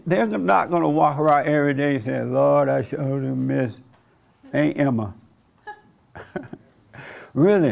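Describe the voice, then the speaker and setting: A man's voice: a little high, creaky, a little mellow. A man preaching a sermon in a conversational way, chuckling often and acting out the voices of people he quotes. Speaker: pastor.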